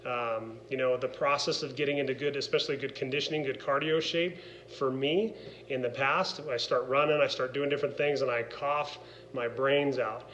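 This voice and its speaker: A man's voice: medium pitch, steady tone, normal speed, fairly bright tone, muffled recording, slight background noise. A middle-aged man, a former wrestler and gym owner, speaking candidly in a personal vlog, earnest and rambling with many fillers and restarts.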